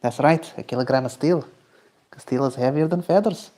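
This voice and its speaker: A man's voice: on the high side, brisk, mellow, close to an everyday voice. A man putting on a stubborn Scottish voice. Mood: insistent. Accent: Scottish, put on. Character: gruff Scottish man insisting on a silly point.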